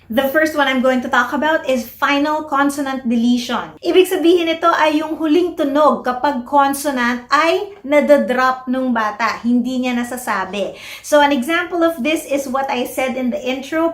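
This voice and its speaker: A Filipino woman who is a speech-language pathologist explains children's speech to parents, mixing English and Tagalog and slowly modeling words. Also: high-pitched, reverberant. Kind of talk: educational talk to parents.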